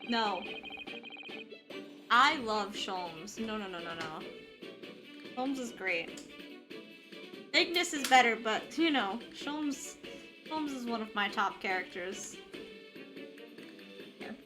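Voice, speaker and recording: A woman's voice: a little high, expressive, slow, pauses often. Streamer lady gushing about a game character, swears a bit, game music going. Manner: gushing, playful, swears casually. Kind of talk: casual gameplay commentary.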